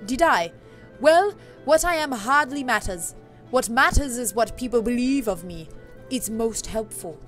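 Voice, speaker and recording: A woman voicing a mysterious older witch shopkeeper, pushing her voice deep and trying an accent that keeps slipping, while reading game dialogue aloud. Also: expressive, measured pace, a bit bright, soft background music. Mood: knowing. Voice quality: deepened voice, wobbly attempted accent.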